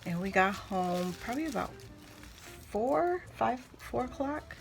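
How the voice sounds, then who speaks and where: Slow-talking, gushing woman vlogger. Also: a little high, gravelly, soft background music. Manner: gushing, excitable, repeats words. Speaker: crafting channel host. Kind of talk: casual unboxing vlog.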